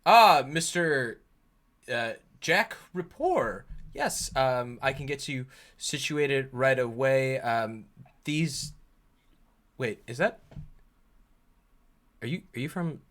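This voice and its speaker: A man voicing a calm, welcoming woman who reassures newcomers. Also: medium pitch, slow, long pauses. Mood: polite.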